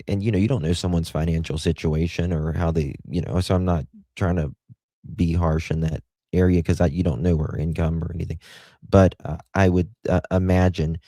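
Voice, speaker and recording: A man's voice: deep voice, warm tone, dry recording. A man hosting a livestream, giving blunt, crude, rambling commentary. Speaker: livestream host.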